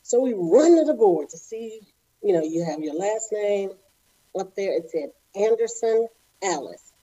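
A middle-aged woman from Houston, a former ballerina telling her story as an interview guest, animated and acting out the voices of people she quotes. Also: medium pitch, measured pace, highs cut off. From Houston, Texas.

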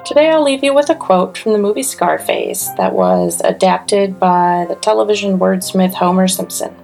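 A woman's voice: mid-range voice, sing-song, normal speed, vocal fry, a little mellow, faint music behind. A woman podcast host reading a friendly, lightly self-deprecating outro.

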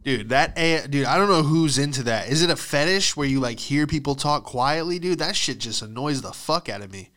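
A man's voice: on the high side, animated, fairly quick, hardly any pauses, fairly bright tone. A young man giving a profane, rambling comedic monologue as a podcast host, acting out the voices of people in his stories.

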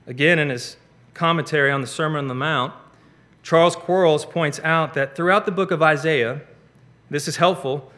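A man delivers a sermon with earnest, emphatic conviction, hammering key words as he works through a passage. His voice sits a little high and rings bright and forceful. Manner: earnest, emphatic expository preaching with repeated phrases. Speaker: preacher.

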